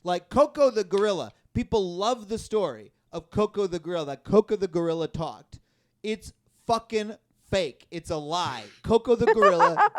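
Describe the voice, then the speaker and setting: A man hosting a live stand-up comedy show, rambling and self-deprecating, often laughing at his own jokes. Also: high-pitched. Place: live comedy venue with audience.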